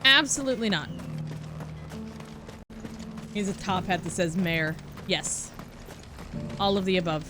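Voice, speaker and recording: A woman streaming a game and commenting casually, profane and playful, with sudden loud outbursts. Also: on the low side, expressive, measured pace, pauses often. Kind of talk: live gameplay commentary. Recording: game music underneath.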